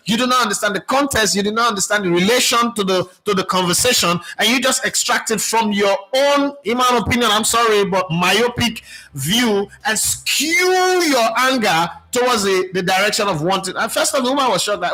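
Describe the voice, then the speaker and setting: Nigerian guy hosting, high bright voice, tells stories all over the place, restarts a lot. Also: brisk, rough recording. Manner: animated, switches into pidgin, many restarts. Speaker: host. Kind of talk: casual storytelling monologue.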